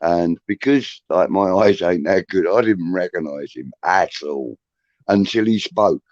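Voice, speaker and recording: A man's voice: low voice, a little slow, darkish tone, dry recording. A man near sixty with a Liverpool accent, hosting a casual video-call chat and telling a rambling, sweary story full of restarts. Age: 50s. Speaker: host. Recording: dull lo-fi sound.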